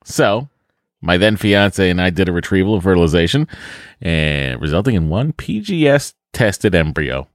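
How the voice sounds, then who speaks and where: A man's voice: low-pitched, very animated, moderate pace, no echo, clean studio sound. A man putting on a Boston accent to voice a chatty new mother in her thirties, reading her letter aloud for comic effect. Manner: exaggerated accent, breathless listener-letter reading.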